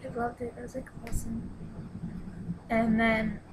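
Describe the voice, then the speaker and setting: A young woman excitedly retelling a book's plot in a casual review vlog, with lots of "like" and sudden squealed exclamations. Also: a little high, moderate pace, slight background noise, poor audio. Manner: excitable and gushing, exclaims "What? What?"; retells the plot with many "like"s and restarts. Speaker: book reviewer.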